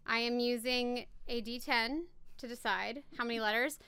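Bright flustered woman hosting a podcast. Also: fairly high pitch, steady tone, moderate pace, clean tone, no echo. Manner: flustered, giggly, rambling. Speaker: podcast host. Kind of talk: casual chat, word game.

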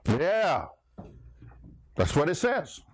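A man's voice: a little high, wildly swooping pitch, drawn-out words, background noise. A man preaching a sermon, emphatic, calling out listeners by name. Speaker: pastor.

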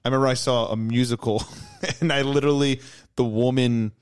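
A stand-up comedian hosts a comedy podcast in loose, casual chat, talking emphatically, swearing often and stammering into restarts. His voice sits at medium pitch with fairly even intonation, moves fairly quickly, and has a clean tone.

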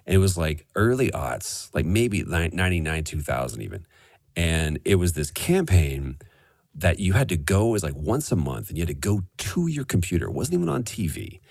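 Man, 40s, deep and very expressive, dry close mic, casual podcast guest telling animated anecdotes. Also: moderate pace, creaky, no echo. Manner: animated storyteller, swearing freely. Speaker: voice actor guest.

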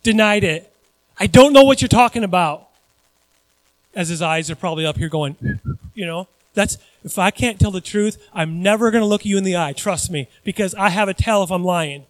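A man with a notably high voice delivers an animated sermon, chatting with his listeners as he goes. The sound is close and dry, with no room echo. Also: fairly quick. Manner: animated, conversational preaching with asides to the congregation. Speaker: pastor.

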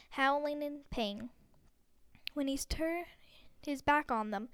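A woman narrating an audiobook with steady, expressive storytelling. Her voice sits a bit high and is smooth and clear, recorded close and dry with no room sound. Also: dry recording. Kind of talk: scripted narration.

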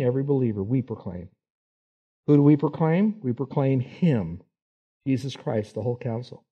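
A man's voice: mid-range voice, lively intonation, normal speed, breathy edge, muffled recording. A man preaching a sermon, folksy and emphatic, posing rhetorical questions to his listeners. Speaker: pastor.

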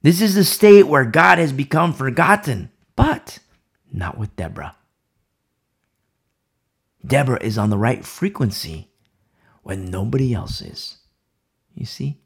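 A man's voice: mid-range voice, animated, unhurried, gravelly, long pauses, slightly rough. A man preaching a Bible sermon, emphatic and repeating key phrases for emphasis.

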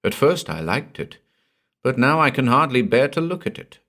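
A man's voice: medium pitch, big pitch swings, normal speed, fairly bright tone, pitched above the performer's own voice. A man voicing a frightened young married woman who speaks in a strained, anxious voice.

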